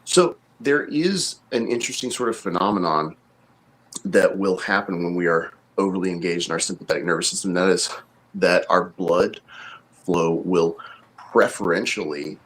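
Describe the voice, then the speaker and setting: A man with a very low voice co-hosts a casual podcast as a coach, explaining things at length while thinking aloud with fillers and restarts. He speaks at a moderate pace with a fairly bright tone, keeping things conversational and informal, though the audio quality is poor.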